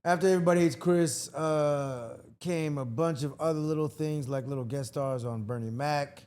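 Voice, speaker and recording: A man's voice: on the high side, a little mellow, clear, resonant tone. A man from Washington, D.C., a comedian and actor, chatting loosely as a podcast guest and swearing freely as he tells stories. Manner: loose, profane storytelling with quick acted-out asides. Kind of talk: casual podcast chat.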